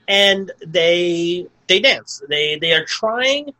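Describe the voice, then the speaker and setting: A man's voice: sits high, lively intonation, very slow, pushed and bright, low-quality recording. A man co-hosting a podcast, recapping a film in casual chat, rambling with lots of "like" and restarts. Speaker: podcast co-host. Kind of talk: casual movie review chat.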